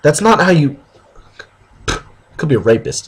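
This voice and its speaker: A man's voice: fairly high pitch, sing-song, unhurried, breathy edge. Man reading a story with sarcastic asides. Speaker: video host reading a story aloud.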